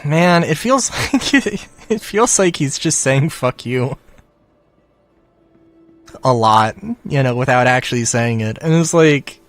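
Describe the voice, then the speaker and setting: A man rambles through a frustrated casual rant at an unhurried pace, sighing and laughing between phrases. His voice sits at a middle pitch. The sound is dry and close, with faint music underneath. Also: lively intonation, dry recording. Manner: frustrated, rambling, many fillers and sighs. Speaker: gaming commentator.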